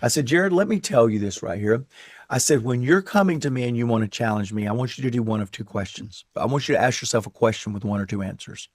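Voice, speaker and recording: A man's voice: mid-range voice, quick pace, no echo, clean studio sound. A man hosting a leadership podcast, telling stories in an earnest, emphatic way and repeating his key phrases. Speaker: podcast host.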